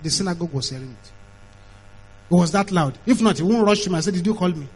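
A man preaches in a high, husky voice, hammering home his points by repeating them. His sermon is animated, and he slips into mimicked voices along the way. He sounds middle-aged. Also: quick pace, poor audio. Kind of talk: emphatic sermon.

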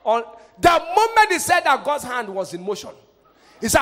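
A male pastor preaching a fervent sermon, jumping from loud shouts down to quiet asides. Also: very high voice, big pitch swings, moderate pace. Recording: hall reverb.

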